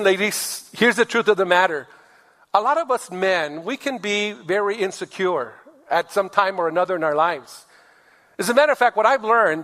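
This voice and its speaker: A male pastor delivers a sermon with a high voice, hammering points home and calling for amens. The sound rings with a long reverb from a church sanctuary. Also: a bit bright. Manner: emphatic, repeats phrases, calls for amens.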